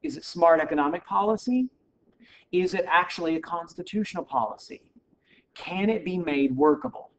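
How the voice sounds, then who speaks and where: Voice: mid-range voice, animated, moderate pace, a little hiss or hum. Wry, casual history lecturer, muffled sound. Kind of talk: recorded classroom lecture. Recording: dull lo-fi recording.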